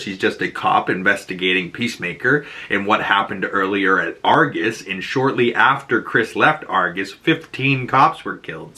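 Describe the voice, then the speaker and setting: A man's voice: on the low side, pushed and bright. A man with a Boston accent casually recapping a TV episode. He swears freely and acts out quotes. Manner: casual, profane, lots of "like" and acted-out quotes. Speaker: show reviewer. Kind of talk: TV episode breakdown and reaction.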